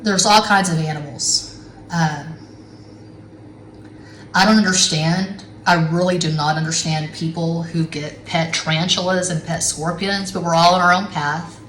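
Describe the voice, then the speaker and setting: A middle-aged woman reads tarot in a loose, rambling monologue, blunt and quick to curse. Her voice sits fairly low but sounds bright and forceful. The room is echoey, with a faint hiss of noise behind her. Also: fairly even intonation. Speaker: tarot reader. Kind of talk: casual tarot reading monologue.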